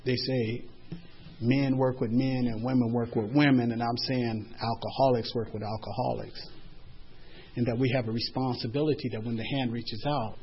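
Husky older man giving earnest testimony. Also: medium pitch. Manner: emotional, earnest storytelling. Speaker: speaker at a recovery meeting. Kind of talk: heartfelt personal testimony. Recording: dull lo-fi recording.

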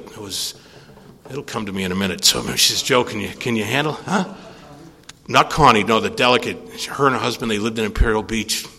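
An older man speaking at a recovery meeting, telling a rambling, animated story and acting out the conversations in it. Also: medium pitch, gravelly. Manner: rambling, animated storyteller who acts out dialogue. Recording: long hall reverb.

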